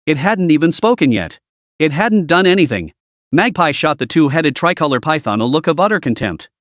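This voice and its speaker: A man's voice: fairly high pitch, very animated, brisk, no echo, clean studio sound. A man narrating a recap story in a dramatic, scripted style.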